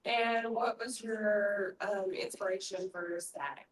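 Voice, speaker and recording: A woman's voice: medium pitch, fairly even intonation, slow, slight background noise. A woman in the audience politely asking a panel guest questions, with some hesitation. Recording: echoey hall, voice heard from far off.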